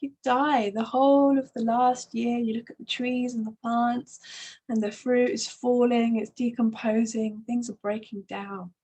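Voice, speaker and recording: A woman hosting a spiritual astrology talk, speaking in a soft, flowing way with many "you know"s. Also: a little high, steady tone, measured pace, low-quality recording. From Northern Hemisphere. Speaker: astrology channel host. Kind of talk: spiritual monologue to camera.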